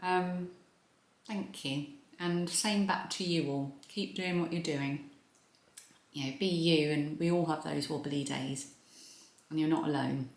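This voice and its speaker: Low-voiced British woman, rambling vlog chat. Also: measured pace. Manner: rambling, hesitant, warm-hearted with many fillers and restarts. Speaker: crafting YouTuber. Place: home, indoors. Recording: echoey room.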